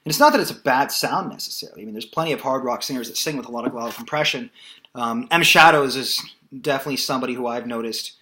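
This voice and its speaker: A male voice teacher talks through a casual singing lesson. His voice sits at an ordinary pitch but sounds very bright, with a sharp, forward edge. He explains loosely, with frequent ums and restarts. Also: fast. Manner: relaxed, loose explanations with many fillers.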